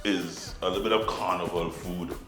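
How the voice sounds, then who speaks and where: A man's voice: deep voice, steady tone, moderate pace, a bit bright, echoey room, soft background music. A man hosting a cooking show, chatting casually and laughing easily as he cooks.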